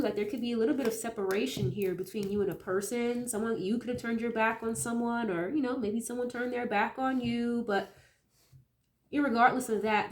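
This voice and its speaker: A woman with a nasal voice from a cold, chatting casually as she reads tarot cards for viewers, thinking aloud with many tag questions. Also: a little high. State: getting over a cold. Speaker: tarot reader.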